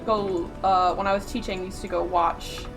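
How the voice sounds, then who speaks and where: A woman's voice: medium pitch, fairly even intonation, normal speed, over music. Chatty woman with a Yooper accent. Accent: Upper Michigan (Yooper). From Upper Michigan, USA. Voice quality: rounded words with soft consonants. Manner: chatty and rambling, laughs often. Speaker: streamer. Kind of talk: casual chat while gaming. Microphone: close desk mic.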